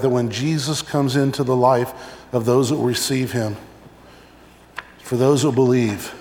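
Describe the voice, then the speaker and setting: A male pastor preaching a sermon, telling stories and acting out little scenes along the way. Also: mid-range voice. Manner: animated storytelling, acting out examples. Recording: echoey hall.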